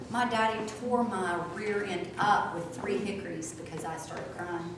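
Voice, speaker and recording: A woman teaching a small group, swinging from soft asides to loud outbursts. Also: mid-range voice, steady tone, normal speed, few pauses. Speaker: spiritual teacher. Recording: echoey room from a distance, faint noise.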